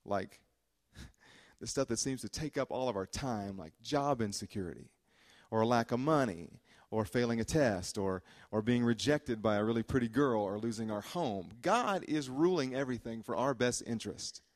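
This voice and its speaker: A man's voice: medium pitch, animated, normal speed. A man preaching a sermon as a pastor, conversational and joking, with frequent "uh" fillers. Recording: long hall reverb.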